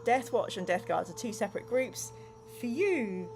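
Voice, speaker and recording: A woman's voice: on the high side, lively intonation, moderate pace, music in the background. Chatty woman hosting a gamebook stream. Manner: reads viewer comments aloud, chatty and playful; narrates the gamebook text with dramatic flair. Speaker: host playing a gamebook. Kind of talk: casual game playthrough chat.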